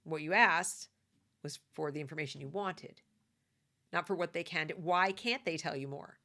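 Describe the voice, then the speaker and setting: A woman's voice: deep voice, moderate pace, sharp tone. A woman delivering a conversational opinion monologue, emphatic and prone to repeating her points. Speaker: commentator.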